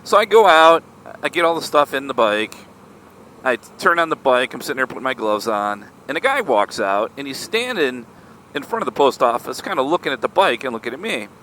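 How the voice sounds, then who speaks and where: An animated man tells a story in a bright, lively voice that swings up and down as he talks. He is chatty and keeps checking in with his listener. Faint traffic noise hums in the background outdoors. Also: medium pitch, a little fast. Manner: animated, chatty, lots of "right?" asides. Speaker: motorcycle vlogger. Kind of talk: casual storytelling vlog.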